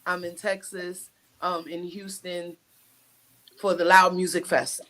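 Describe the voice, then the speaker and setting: A woman from Brooklyn with a New York accent, a singer-songwriter talking casually as an interview guest and filling pauses with um. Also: on the low side, level tone, fairly bright tone, low-quality recording.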